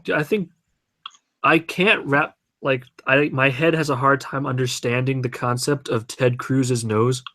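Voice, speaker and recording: A man's voice: medium pitch, steady tone, unhurried, fairly bright tone. A man co-hosting a casual podcast chat, joking and incredulous. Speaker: podcast co-host.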